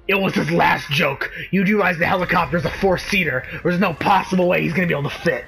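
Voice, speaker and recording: Excitable gamer guy, bright high voice, bit of gravel. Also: quick pace, faint music behind, rough recording. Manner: excitable, yelps in panic. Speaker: gamer co-commentating. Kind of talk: casual gameplay chat.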